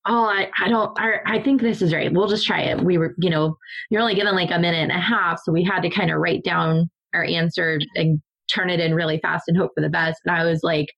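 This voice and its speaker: Young woman, lively casual talker, keeps laughing mid-story. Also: on the low side, a little fast, creaky, highs cut off. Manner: animated storyteller, laughs often, acts out quotes. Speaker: podcast co-host. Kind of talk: casual chat.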